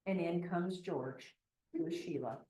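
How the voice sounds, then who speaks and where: A woman with a Midwestern American accent teaching a real estate class, telling stories with chatty, animated acted-out quotes. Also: lowish voice, takes it slowly. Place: training classroom. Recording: echoey room.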